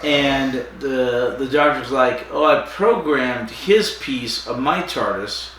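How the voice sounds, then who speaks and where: A man co-hosting a podcast, recapping a plot in a slow, halting way with lots of fillers. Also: medium pitch, fairly bright tone, slight background noise. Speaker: podcast co-host. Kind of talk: casual chat recapping an episode. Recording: echoey distant room mic.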